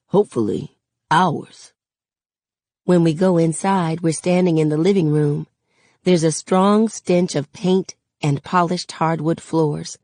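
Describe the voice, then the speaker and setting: A woman reading a novel aloud in a steady, unhurried way. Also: sits low, no room sound. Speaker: reader.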